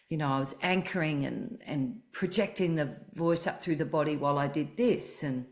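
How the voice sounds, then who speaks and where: A low-pitched woman hosting a podcast, talking about voice and the body as a singing teacher. She explains earnestly and keeps a conversational flow. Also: normal speed, hardly any pauses. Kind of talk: casual podcast chat.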